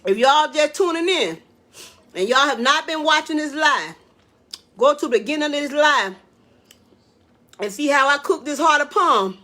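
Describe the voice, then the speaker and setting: A woman, chatting excitedly to viewers while cooking in her home kitchen. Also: high voice, moderate pace, pauses often. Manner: excitable, exclaims with food, talks to viewers as y'all and baby. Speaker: home cook hosting a live cooking stream. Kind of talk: casual live cooking chat.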